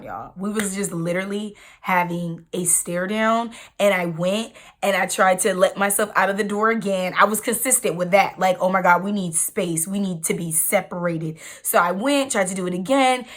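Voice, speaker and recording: A young woman vlogger telling a personal story in an emphatic, slangy, animated way. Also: mid-range voice. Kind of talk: storytime vlog.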